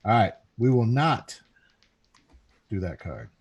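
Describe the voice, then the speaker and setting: Low, mellow-voiced man game master, dry wit, faint background noise. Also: sing-song, slow pace, muffled recording. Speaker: game master reading event cards. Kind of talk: casual game-night banter.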